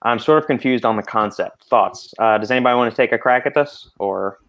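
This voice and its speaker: A man's voice: medium pitch, brisk, fairly bright tone. A man hosting a panel podcast, explaining at length in casual talk full of fillers. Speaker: podcast host.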